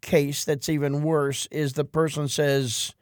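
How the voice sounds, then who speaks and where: A man co-hosting a religious talk show, speaking thoughtfully and haltingly, with many restarts and "you know"s. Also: on the high side, little pitch movement, no echo, clean studio sound. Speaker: co-host. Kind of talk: casual religious discussion.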